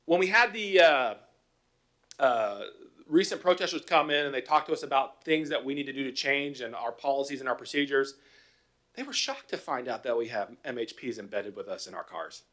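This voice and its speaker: A man's voice: medium pitch, expressive, a little fast, a bit bright. A middle-aged man, a police officer, giving an informal talk to a council with stories and rhetorical questions. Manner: conversational, acts out both sides of calls, rhetorical questions. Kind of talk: informal presentation with anecdotes.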